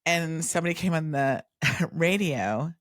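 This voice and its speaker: Animated woman chatting on a podcast. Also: sits low, a little slow, no room sound, clean studio sound. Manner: animated storyteller who acts out quotes. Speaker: podcast co-host. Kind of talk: casual chat.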